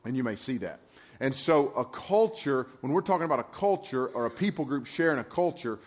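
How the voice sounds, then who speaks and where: A middle-aged man, giving a rambling, folksy talk to a youth camp and often checking that his listeners follow him. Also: medium pitch. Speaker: camp speaker. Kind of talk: conversational sermon to a youth group.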